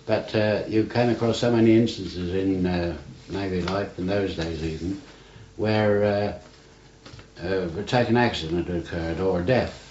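Low-pitched and darkish in tone, an older man who served in the navy speaks at a measured pace. He spins rambling stories for an oral history interview, peppered with "you see", captured on roomy, dull archival tape that hisses faintly.

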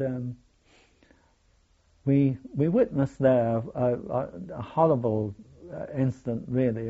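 An older man, recalling his wartime experiences in a hesitant, halting way full of restarts. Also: medium pitch, mellow. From England. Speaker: war veteran telling his story. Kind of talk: oral history recollection. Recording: dull lo-fi recording.

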